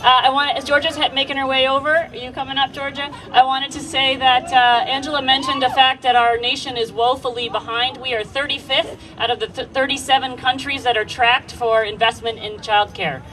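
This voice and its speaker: A woman's voice: high-pitched, steady tone, a little fast, few pauses, bright, forceful tone. Woman emceeing an outdoor rally. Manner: casual, with fillers and restarts. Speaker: rally emcee introducing speakers. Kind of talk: informal rally announcements. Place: outdoor rally on a city green. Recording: distant outdoor mic with crowd and street noise.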